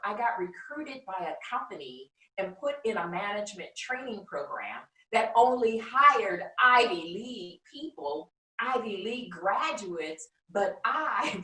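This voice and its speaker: Woman guest, expressive storyteller acting out dialogue; bright tone, sits back from the mic in a roomy space. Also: medium pitch, unhurried, far from the mic. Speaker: guest, founder of a faith project. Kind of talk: animated faith testimony in conversation. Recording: roomy sound, speaker away from the mic.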